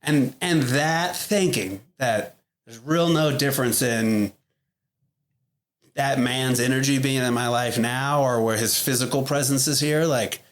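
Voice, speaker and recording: A blunt middle-aged man talks candidly as a podcast guest. His voice sits at an ordinary pitch, and he swears freely. He fills his sentences with "like" and "you know" as he tells the story. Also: unhurried. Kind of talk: candid interview talk.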